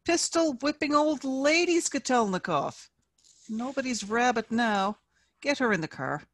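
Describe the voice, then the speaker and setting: A woman's voice: fairly high pitch, animated, unhurried, dry recording, clean studio sound, pitched above the performer's own voice. A woman reading aloud and voicing a cruel male sergeant who mocks and sneers with amused contempt. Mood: taunting.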